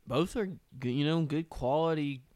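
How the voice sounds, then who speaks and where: A man co-hosting a podcast in casual chat, joking and tossing in quick quips. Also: fairly high pitch, fairly even intonation, a little mellow, no echo. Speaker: podcast co-host.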